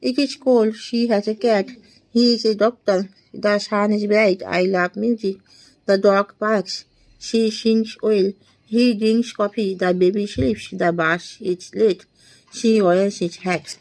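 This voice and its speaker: A woman's voice: medium pitch, fairly even intonation, a little mellow, low-quality recording. A woman, a tutor reading short practice sentences one by one. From India. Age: 20s. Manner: slow, deliberate reading of short sentences with small laughs. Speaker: English tutor.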